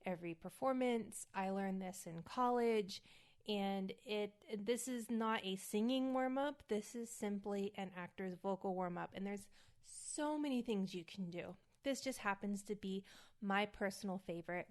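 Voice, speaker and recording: A woman hosting an acting podcast, casually explaining a vocal warm-up, sometimes loudly overemphasizing syllables to demonstrate. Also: medium pitch, a little slow. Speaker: podcast host and acting coach. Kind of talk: casual instructional podcast talk.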